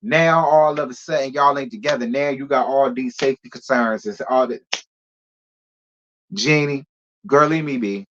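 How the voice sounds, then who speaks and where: A sassy man dishing celebrity gossip straight to his viewers, his voice sitting at an everyday middle pitch. The sound is dull and lo-fi. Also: fairly even intonation, normal speed, fairly bright tone. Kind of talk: casual gossip commentary.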